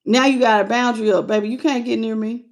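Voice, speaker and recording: A woman with a high, bright-sounding voice giving a live tarot reading. She talks in an animated, affectionate way, calling listeners baby and greeting them by name. She laughs often between lines. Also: quick pace. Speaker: tarot reader.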